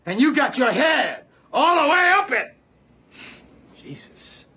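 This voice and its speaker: Crime-film tough guy: crude, brooding, slow and bright-voiced. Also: very high voice, big pitch swings, full character voice. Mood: crude musing. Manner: slow, drawn-out delivery of a coarse remark. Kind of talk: film dialogue.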